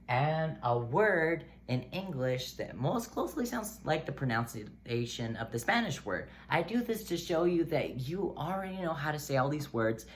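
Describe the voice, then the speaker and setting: A man teaching pronunciation in a casual video lesson, relaxed and encouraging, joking often and using plenty of fillers. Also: mid-range voice, a little hiss or hum. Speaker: language teacher. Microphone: close-up camera.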